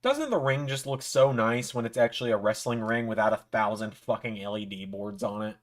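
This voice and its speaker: A man's voice: on the low side, animated, fairly quick. A man casually reacting to a wrestling event on a live stream, chatting loosely with a few offhand swears and mumbled asides.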